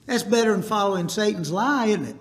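A man's voice: high-pitched, a little fast. A man preaching a sermon to his congregation, telling folksy, rambling stories and calling for the crowd to answer back. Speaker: Baptist preacher. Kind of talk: storytelling sermon.

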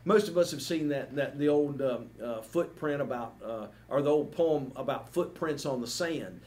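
A man's voice: mid-range voice, moderate pace, darkish tone. A man preaching a sermon as pastor, earnest and emphatic, asking the congregation repeated rhetorical questions and ending with a prayer.

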